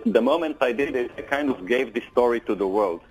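A man's voice: mid-range voice, animated, fairly quick, soft background music, low-quality recording. A man, an author, answering radio interview questions with emphatic, dramatic phrasing and lists of short points.

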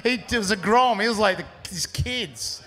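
Man, slightly high voice, rambling storyteller, casual surf yarn. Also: moderate pace, sharp tone. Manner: rambling, restarts often, laughs through punchlines. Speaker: pro surfer telling a story.

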